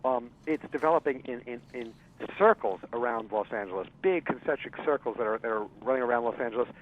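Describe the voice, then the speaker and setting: A man's voice: medium pitch, fast talker, slight background noise. A man telling a long story as a guest on a radio interview, talking with lots of fillers and restarts. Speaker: interview guest, jazz writer. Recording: tinny phone-line sound.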